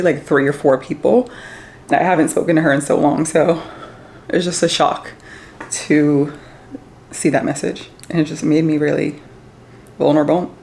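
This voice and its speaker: Low-voiced woman chatting to camera. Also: vocal fry, darkish tone, a little hiss or hum. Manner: chatty, rambling, many fillers. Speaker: travel vlogger. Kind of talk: casual vlog talk to camera. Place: hotel room.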